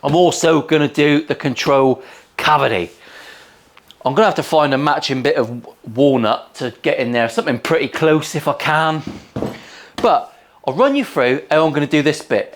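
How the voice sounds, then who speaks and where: A cheeky man with a West Country English accent talks through a guitar build in his workshop. He jokes around and swears freely in easy banter. His voice sits a little higher than most men's. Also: moderate pace, slight background noise. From England. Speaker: guitar maker hosting a workshop build vlog. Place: home workshop.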